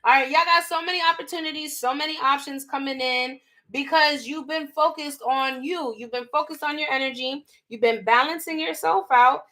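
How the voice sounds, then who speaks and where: Young woman, tarot reader, high bright voice, emphatic slangy delivery. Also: moderate pace. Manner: animated, emphatic, slangy, talking straight to viewers. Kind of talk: live tarot reading.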